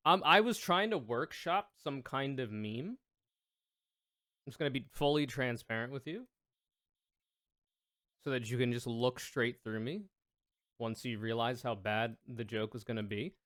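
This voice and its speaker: A man's voice: mid-range voice, lively intonation, unhurried, long pauses, fairly bright tone, no echo. A man chatting casually on his livestream, rambling and joking at his own expense. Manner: rambling, self-mocking, jokey.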